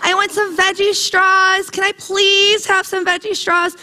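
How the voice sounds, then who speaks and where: Woman putting on a whining little boy, very high-pitched, drawn-out nagging, long hall reverb. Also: little pitch movement, sharp tone, exaggerated voice. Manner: whining, pleading.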